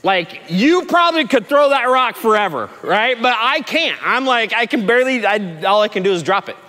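A man preaching a sermon to a recovery group, telling a story with lively swings from shouting to soft, low speech. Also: moderate pace, long reverb tail. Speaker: pastor at a recovery ministry. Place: large room with a gathered group.

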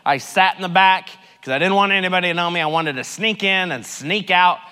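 A man preaching a sermon with personal testimony at a recovery ministry, swinging between loud joking and hushed, earnest delivery. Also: high-pitched, brisk, clean tone, long reverb tail.

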